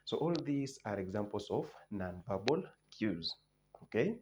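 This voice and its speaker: A man's voice: fairly low pitch, big pitch swings, unhurried, crowd noise. A man teaching an exam revision lesson, listing points one by one, repeating key terms and often restarting his sentences. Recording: noisy background.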